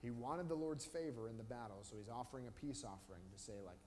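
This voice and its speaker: A man leading a casual Bible study, retelling the stories with quick voiced asides for the characters. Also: medium pitch, lively intonation, dark tone. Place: church room. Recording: live stream with long reverb and faint noise.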